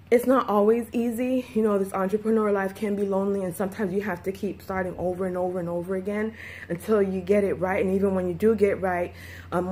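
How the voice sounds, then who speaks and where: A woman's voice: medium pitch, darkish tone, a little hiss or hum. A woman vlogging in a candid, rambling personal way, with many fillers and restarts, sometimes close to tears. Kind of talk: casual personal vlog talk.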